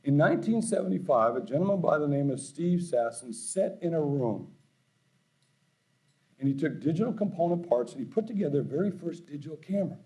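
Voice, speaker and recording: Folksy man giving a lively keynote. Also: a little high, a little fast, poor audio. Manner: folksy, anecdotal, growing animated and loud. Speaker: keynote speaker. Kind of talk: conference keynote storytelling. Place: conference stage.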